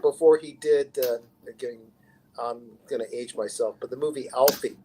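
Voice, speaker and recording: A man from Canada with a Canadian accent, chatting casually and rambling, his lines trailing off quietly at the end. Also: medium pitch, steady tone, normal speed, a little hiss or hum, poor audio. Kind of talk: casual livestream chat.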